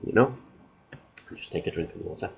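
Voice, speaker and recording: A man's voice: low voice, lively intonation, a little fast, gravelly, breathy edge, poor audio. A man hosting a self-help video, explaining in a loose, casual way with everyday examples. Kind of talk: casual talk to camera.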